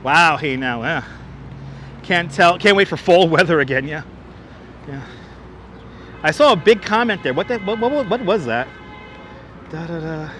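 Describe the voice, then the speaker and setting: A man's voice: on the high side, animated, unhurried, pauses often, sharp tone, a little hiss or hum. A man hosting a walking livestream outdoors, chatting and joking as he reads viewers' comments aloud on a clip-on mic. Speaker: livestream host. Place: outdoors on a city waterfront street. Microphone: wireless clip-on mic.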